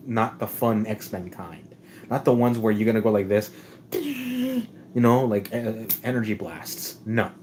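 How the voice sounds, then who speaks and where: A man hosting a live stream, talking off the cuff in a rambling way, with frequent restarts, and repeatedly calling out to his viewers as ladies and gentlemen. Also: lowish voice, slight background noise. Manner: rambling, with many restarts and stumbles; keeps addressing the audience as "ladies and gentlemen". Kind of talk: casual opinion monologue.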